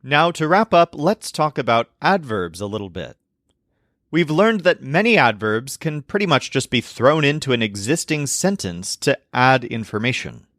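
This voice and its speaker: A language teacher narrates a scripted lesson in a lively, rising-and-falling mid-range voice, explaining clearly and slowing down for each example. The recording is close and dry, with no room sound or echo.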